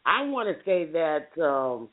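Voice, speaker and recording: A woman's voice: deep voice, sing-song, measured pace. A woman hosting a radio chat, affirming her guests and plugging events. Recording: phone-line sound.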